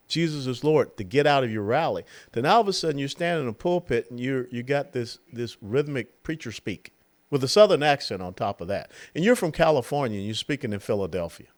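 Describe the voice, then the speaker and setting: An older man in his sixties delivers a solo political commentary. His pitch swings widely as he talks, rising and dropping for emphasis. He sounds mocking and keeps breaking into short impressions of the people he criticizes. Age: 60s. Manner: animated, mocking, mimics others in quotes.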